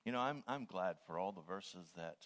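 An older man delivers a sermon with a lively, rising and falling voice. He leans hard on single words and swells loud whenever he quotes scripture. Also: sits low, normal speed. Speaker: preacher.

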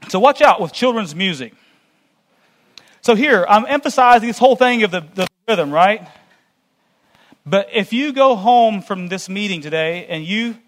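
Talking straight to the congregation, a church speaker gives a conversational lecture in the style of a sermon. His voice is fairly high and his tone earnest and cautionary.

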